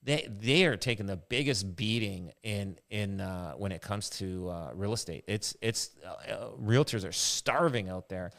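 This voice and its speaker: A man talks through his stories in a loose, rambling podcast style, circling back and restarting as he goes. His voice sits slightly low. He is a realtor hosting the show. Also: a little slow, vocal fry, hardly any pauses, fairly bright tone. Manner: rambling anecdotal storytelling. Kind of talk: casual podcast chat.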